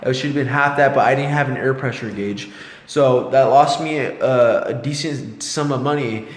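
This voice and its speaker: A man's voice: mid-range voice, normal speed. Man talking in an echoey room. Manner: rambling, thinks aloud, loosely structured. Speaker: vlogger reviewing a book. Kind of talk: casual book talk to camera. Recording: echoey room with long reverb.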